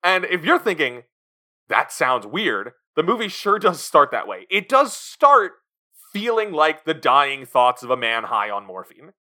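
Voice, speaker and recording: A man's voice: on the high side, very animated, a little slow, pushed and bright. A man co-hosting a podcast, chatting casually about a film and acting out scenes in put-on voices. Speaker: podcast co-host. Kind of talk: casual film review chat.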